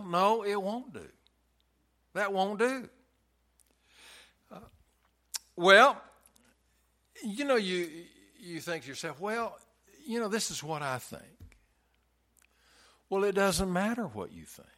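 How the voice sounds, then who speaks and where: A man's voice: high-pitched, bright, forceful tone. A man preaching a sermon in a folksy storytelling way, hammering points home with emphatic repetition.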